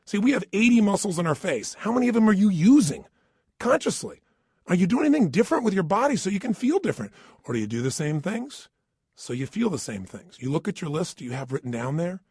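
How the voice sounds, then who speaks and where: A middle-aged man giving an energetic motivational talk into a studio microphone, emphatic and questioning the listener directly. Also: high-pitched, fast talker, breathy edge, no echo. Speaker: motivational speaker.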